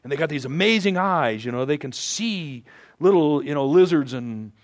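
A man's voice: fairly high pitch, expressive, normal speed. A man giving a motivational talk to a group, rambling with restarts and playful asides as he tells a parable. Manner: imitates animal sounds. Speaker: speaker to a group.

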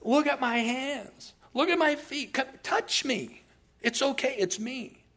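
A man playing Jesus, gently coaxing. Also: very high-pitched, animated, slow, gravelly, voice pushed up, exaggerated voice. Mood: reassuring. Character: Jesus, calm reassuring man.

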